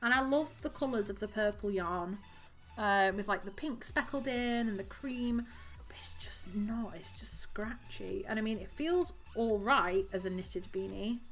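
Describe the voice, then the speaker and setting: A woman's voice: mid-range voice, normal speed, a bit bright, soft background music. A woman live-streaming as she crochets at home, chatting casually and giggling, and counting her stitches aloud.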